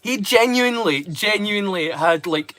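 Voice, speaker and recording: A man's voice: high-pitched, lively intonation, moderate pace, sharp tone. A man from Europe, hosting a live watch-along stream and rambling casually to his viewers. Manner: rambling and chatty.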